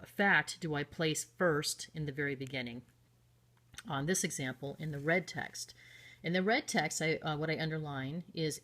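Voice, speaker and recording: A woman with a notably low-pitched voice teaches a recorded writing lesson. She talks through example texts step by step. Her delivery is unscripted, with frequent ums and restarts. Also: a bit bright.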